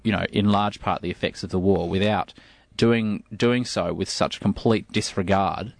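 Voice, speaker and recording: Guy on a radio panel pushing his argument hard, lowish voice, dry studio. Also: fairly even intonation, normal speed, creaky, no echo. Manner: emphatic, argumentative, repeats himself when starting. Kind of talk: studio debate.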